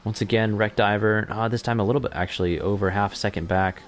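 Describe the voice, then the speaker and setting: A man's voice: fairly low pitch, fairly even intonation, fast, a little hiss or hum. A young man commentating an online racing league in a chatty, self-correcting way that picks up during on-track battles. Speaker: race commentator.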